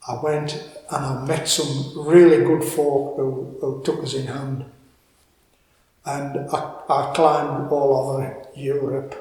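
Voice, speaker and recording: An older man with a Cumbrian accent telling a story in an interview, halting and repeating words as he goes. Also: mid-range voice, a little mellow. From Cumbria, England. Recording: echoey room with long reverb.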